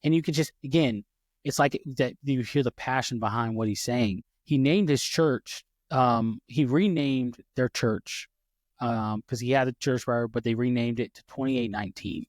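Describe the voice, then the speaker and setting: A man's voice: mid-range voice, moderate pace, no room sound, clean studio sound. A man co-hosting a faith podcast, talking with eager enthusiasm and often stopping mid-sentence to restart. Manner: enthusiastic, rambling, many restarts. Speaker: podcast co-host. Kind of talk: casual faith podcast chat.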